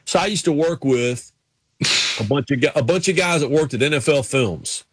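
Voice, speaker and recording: A man's voice: a little high, expressive, moderate pace, breathy edge, no room sound. A man co-hosting a casual sports chat, chatty and self-deprecating. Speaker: co-host.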